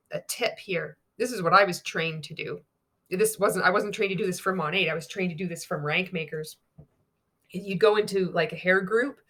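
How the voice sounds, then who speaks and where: Woman, vlogger, candid monologue; blunt, profane, mocking delivery at mid pitch. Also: fairly bright tone. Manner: blunt and sweary, reads training text aloud mockingly. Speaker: former network marketer turned critic.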